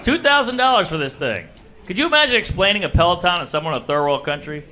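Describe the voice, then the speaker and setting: An American man in his thirties, speaking in a high voice at a quick pace, performs a stand-up comedy set. His lively storytelling includes put-on voices for the jokes.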